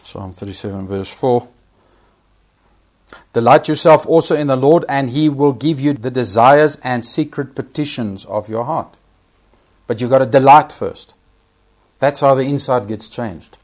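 A man's voice: medium pitch, a little slow, a little mellow. A man preaching a sermon, emphatic, repeating key phrases and rising sharply when he quotes scripture.

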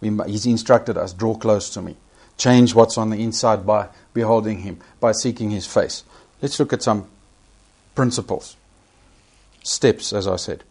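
A man's voice: lowish voice, a little slow, a little mellow, husky. A man preaching a sermon, emphatic, repeating key phrases and rising sharply when he quotes scripture.

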